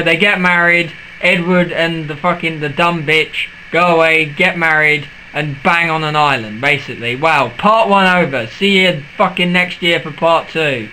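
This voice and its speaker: A young man with a high, bright voice, ranting to camera in a profane, sarcastic vlog. He mocks everything he retells and swears constantly. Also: a little hiss or hum, poor audio. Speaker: vlogger. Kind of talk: ranting film rant vlog.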